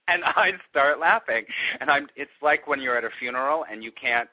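Man telling an animated story, lo-fi. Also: mid-range voice, normal speed. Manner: animated, laughs often while telling. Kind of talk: casual storytelling to a small group.

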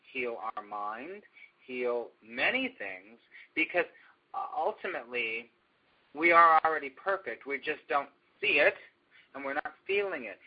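A man leading a meditation group, rambling gently with many fillers and restarts. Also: medium pitch, slightly rough. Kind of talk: spiritual group discussion. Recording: dull lo-fi recording.

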